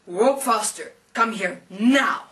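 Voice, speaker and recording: A woman voicing a huge, stern angel at heaven's gate who gives loud, booming commands. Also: slow pace. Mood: commanding. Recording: voice distant from the mic.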